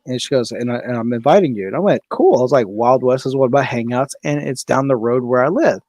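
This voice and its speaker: A young man telling a story in casual podcast chat, animated, swearing freely and acting out what people said. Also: medium pitch, quick pace, no room sound. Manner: animated, swears freely, laughs often, acts out quoted voices. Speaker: podcast co-host.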